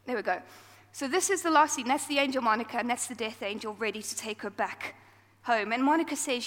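A woman's voice: fairly high pitch, brisk, hardly any pauses, a bit bright. A woman giving an informal talk at church, chatty and self-deprecating, acting out quoted lines as she goes. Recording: long hall reverb.

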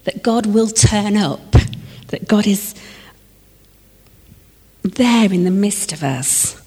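A woman preaching a sermon. She moves between lively emphasis and hushed, slowed reflection. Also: medium pitch, breathy edge. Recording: long reverb of a large hall.

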